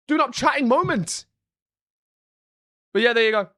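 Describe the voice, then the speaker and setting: A young British man chatting casually on a live stream, joking and sarcastic, with quick swings in energy. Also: very high voice, expressive, a bit bright, no room sound, clean studio sound. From Britain. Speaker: streamer and analyst.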